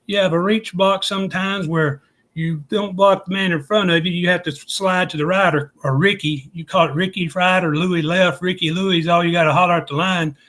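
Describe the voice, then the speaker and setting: A man's voice: high voice, steady tone, moderate pace, fairly bright tone. A man, talking casually as a guest and explaining things step by step in a folksy, plainspoken way. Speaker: guest analyst. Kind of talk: casual podcast chat.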